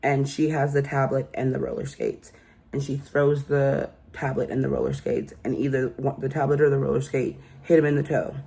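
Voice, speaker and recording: Gravelly man recapping a true crime case. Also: mid-range voice, expressive, moderate pace, dark tone. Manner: incredulous, rambling storytelling with many fillers.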